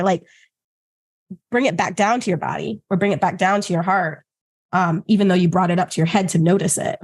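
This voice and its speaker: A woman's voice: fairly low pitch, fairly quick. A woman co-hosting a podcast in casual chat, talking animatedly with lots of fillers and acted-out quotes. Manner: animated, acts out quoted voices, many fillers. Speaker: co-host.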